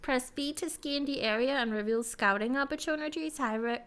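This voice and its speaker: A woman's voice: high-pitched, moderate pace, a bit bright, clean tone. A woman streamer giving playful, casual commentary while playing a game, swearing and chatting with viewers.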